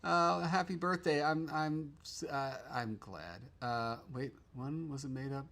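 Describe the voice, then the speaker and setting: A man's voice: a little high, slow, fairly bright tone, a little hiss or hum. A man hosting a casual livestream from a home studio, chatting loosely, trailing off and restarting his sentences. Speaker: livestream host.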